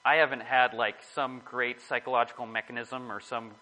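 A man's voice: medium pitch, flat delivery, moderate pace, bright, forceful tone, slight background noise, poor audio. A man giving a casual, rambling sermon to a small group, often correcting himself as he talks. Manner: rambling, self-correcting, chatty.

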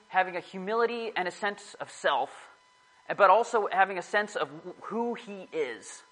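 Preaching casually to a small group, a man rambles and frequently self-corrects in a chatty manner. His voice is high-pitched, pushed and bright, and the recording is rough.

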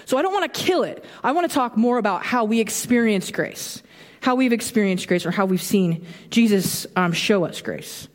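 A woman in her thirties giving a casual, animated sermon, acting out quoted reactions with a bit of humor. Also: on the high side, moderate pace. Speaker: preacher. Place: church sanctuary. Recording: long hall reverb.

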